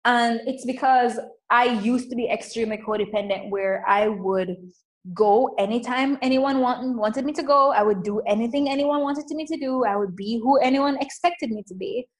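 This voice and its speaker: A woman coach speaks in an emphatic, animated way during a casual interview. Her voice sits fairly high, and she often fills her talk with "like". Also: moderate pace, rough recording. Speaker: coach and guest.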